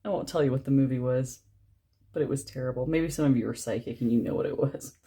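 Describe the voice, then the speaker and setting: Low-voiced woman, husky and gravelly, chatty tarot reader, relaxed and rambling. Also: fast. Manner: chatty, rambling, drops to a whisper at times. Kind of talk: casual tarot reading to camera.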